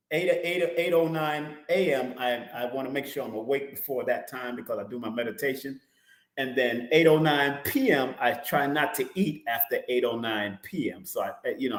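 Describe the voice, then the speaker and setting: A man hosts a live-stream numerology Q and A at a middling pitch. He is chatty, laughs often and repeats his phrases as he talks to viewers. His voice carries a roomy echo. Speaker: numerology host.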